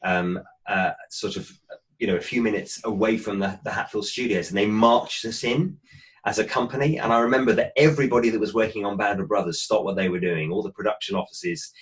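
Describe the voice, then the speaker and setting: A man with a fairly low voice reminisces in a reflective way. He often stalls and repeats himself while he searches for the right words. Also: steady tone, brisk. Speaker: cast member.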